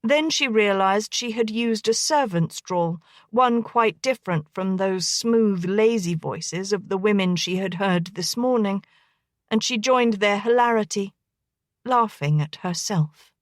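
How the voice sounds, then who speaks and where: Lady narrating an audiobook, even and gentle, mid pitch, super dry close mic. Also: measured pace, no room sound. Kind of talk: scripted narration.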